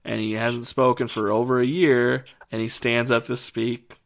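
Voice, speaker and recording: A man co-hosting a podcast, chatting casually about a TV series in a rambling, animated way. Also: medium pitch, normal speed, gravelly. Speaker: podcast co-host. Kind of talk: casual film review chat.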